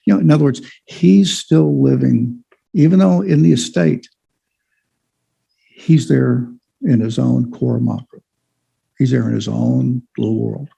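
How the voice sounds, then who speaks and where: Gravelly, husky man teaching a Bible lesson. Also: mid-range voice, warm tone, dull audio. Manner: rambling, many "you know" fillers and restarts. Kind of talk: informal church Bible lesson.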